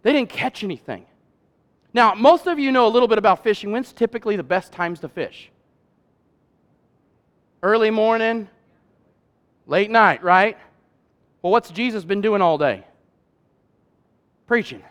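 A man preaching a sermon as pastor, talking in a loose conversational way and building to loud, emphatic peaks. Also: high-pitched, animated, moderate pace, pauses often.

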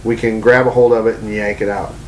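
A man's voice: lowish voice, level tone, a little fast, slight background noise, rough recording. Man telling a personal testimony. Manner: conversational, many ums and restarts. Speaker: minister.

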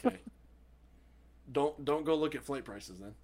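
A man's voice: a little high, animated, a little slow, a little mellow. A man of twenty-seven co-hosting a podcast, talking casually with a friend and laughing often. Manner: laid-back, laughs often, mock-grumpy. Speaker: podcast co-host. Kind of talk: casual chat between friends.

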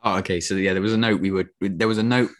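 A man co-hosting a casual podcast chat, joking and quick to laugh. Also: low-pitched, fairly even intonation. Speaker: podcast co-host.

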